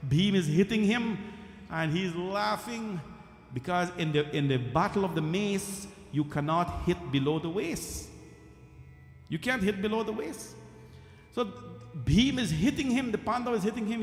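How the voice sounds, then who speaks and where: Male temple storyteller, animated sermon, high voice, long hall reverb. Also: unhurried, faint music behind. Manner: animated, acts out dialogue, asides to audience.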